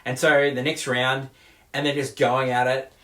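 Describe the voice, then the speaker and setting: A man's voice: medium pitch, little pitch movement, moderate pace, pushed and bright. A man co-hosting a casual movie review. He retells scenes animatedly, with many restarts. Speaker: co-host of a movie review show. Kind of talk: casual film discussion. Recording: echoey room.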